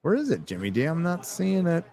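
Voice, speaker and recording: This man's fairly high voice swoops wildly in pitch, fairly quick and dark in tone. He runs a casual livestream from a fandom bar, reading chat and donations aloud in a loose, profane manner punctuated by frequent laughs.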